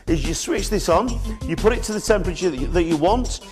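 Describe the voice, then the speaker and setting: A middle-aged man with a northern English accent sells a product on a live shopping channel. His voice sits high, and he keeps up a chatty, repetitive patter that calls the viewers folks. Faint music plays underneath. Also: animated, fast talker. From northern England. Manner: chatty, repeats words, addresses viewers as folks. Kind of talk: live TV sales pitch.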